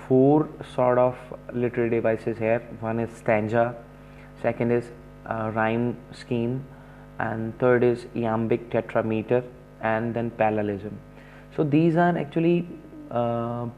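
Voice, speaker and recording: Slow, halting male teacher. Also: medium pitch, flat delivery, muffled recording, faint music behind. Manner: halting, many fillers, slow and explanatory. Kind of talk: poetry lesson explanation.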